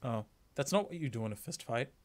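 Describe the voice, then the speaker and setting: A man's voice: medium pitch, expressive, fast. A man streaming a game, chatting casually and telling jokes and stories. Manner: joking, chatty storyteller. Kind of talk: casual chat.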